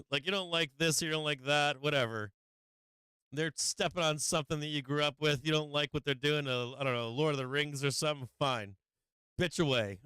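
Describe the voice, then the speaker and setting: A man's voice: on the high side, a little fast, bright, forceful tone, clear, resonant tone, dry recording. A man hosting a live stream, ranting casually with lots of swearing and frequent laughs. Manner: profane, laughing often, rambling.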